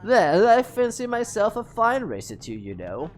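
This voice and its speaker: A woman's voice: mid-range voice, wildly swooping pitch, normal speed, darkish tone, voice pushed up. A woman voicing a prim male paper gatekeeper in a formal, pompous put-on British accent. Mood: haughty.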